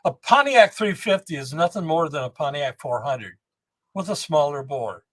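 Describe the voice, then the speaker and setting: A man in his seventies, a guest on a podcast, telling rambling, animated anecdotes about engine building and often restarting his sentences. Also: on the high side, normal speed. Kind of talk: storytelling podcast interview.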